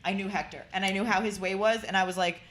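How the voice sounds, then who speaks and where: A woman hosting a podcast, telling an animated, laughing story about her old boxing days. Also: medium pitch, quick pace. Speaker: podcast host and former boxer. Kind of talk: casual storytelling chat.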